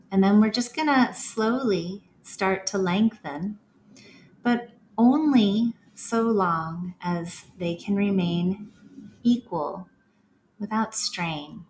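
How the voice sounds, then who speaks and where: A woman gently leading a guided breathing practice, with slow, soothing instructions. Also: mid-range voice, slight background noise.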